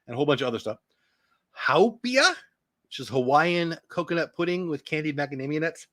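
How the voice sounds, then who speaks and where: A man's voice: a little high, expressive, fairly quick, a bit bright, dry recording. Middle-aged guy hosting a casual morning show, rambly and jokey, dry close sound. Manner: chatty, rambling through long lists, jokes about his own pronunciation. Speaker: show host. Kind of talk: casual morning news chat.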